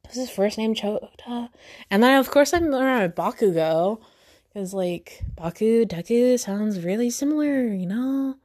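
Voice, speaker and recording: A woman's voice: on the high side, expressive, unhurried, darkish tone. A young woman hosting a podcast on her own, chatting casually and rambling with many fillers and self-corrections. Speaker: podcast host. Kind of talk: casual solo chat.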